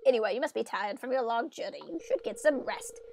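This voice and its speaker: A woman voicing an older man who is mayor of a farm town, in a gruff put-on voice. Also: a little high, animated, fast, noisy background.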